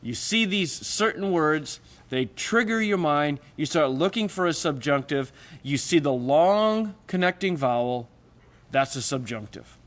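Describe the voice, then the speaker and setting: An unhurried, animated male lecturer with a fairly bright tone walks students through Greek grammar in a classroom recording. He explains with patience and performs the sample questions he cites, pitching his voice up for them.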